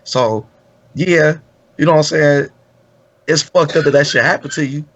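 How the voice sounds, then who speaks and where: A man's voice: a little high, moderate pace, no echo. Laid-back slangy male co-host, dull sound. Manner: laid-back street slang, repeats "you know what I'm saying". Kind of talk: casual talk show chat.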